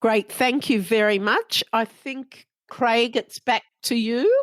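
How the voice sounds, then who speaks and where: A woman moderating a roundtable discussion, brisk and friendly as she hands over to guests. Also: fairly high pitch, no echo, clean studio sound. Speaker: host.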